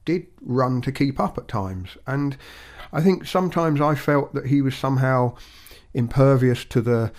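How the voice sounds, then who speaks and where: A man co-hosting a podcast, talking in a measured, reflective way with frequent restarts. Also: mid-range voice, darkish tone. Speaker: podcast co-host.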